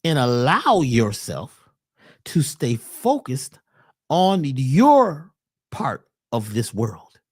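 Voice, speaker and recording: Guy preaching on a webcast, voice jumps high and low, loud then hushed. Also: huge pitch swings, extremely slow, husky. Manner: preacherly, swings between loud and hushed, acts out quotes. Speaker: holistic health speaker. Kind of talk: webcast talk.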